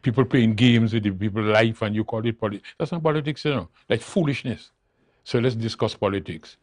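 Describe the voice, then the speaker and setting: A man's voice: on the low side, fairly quick, darkish tone, dry recording, clean studio sound. An older man, a guest on a talk show, speaking emphatically and repeating his key phrases to drive points home. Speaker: interview guest, political leader. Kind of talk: studio talk show interview.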